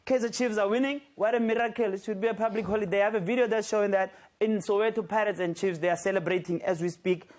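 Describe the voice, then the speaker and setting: South african comedy guy, super high voice, cracking jokes on a sports show, laughs a lot. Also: fairly even intonation, fast talker, few pauses. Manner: joking, laughing through lines, mixing in local slang.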